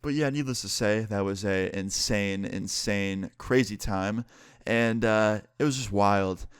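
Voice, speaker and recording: A man's voice: fairly low pitch, a little slow, clear, resonant tone, no room sound, studio quality. A young man from New York state telling a personal story casually, acting out quoted dialogue and leaning on "like" a lot. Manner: animated retelling with lots of "like" and quoted dialogue.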